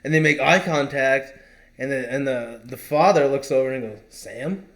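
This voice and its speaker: A man's voice: medium pitch, moderate pace, fairly bright tone. A man co-hosting a podcast, telling a long story in a rambling, casual way with lots of fillers. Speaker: podcast co-host. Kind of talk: casual chat.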